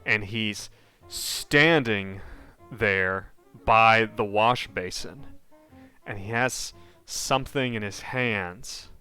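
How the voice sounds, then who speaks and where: A man acting as game master narrates a horror tabletop game in a halting way, full of fillers, often dropping to a hush. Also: fairly low pitch, smooth, soft background music.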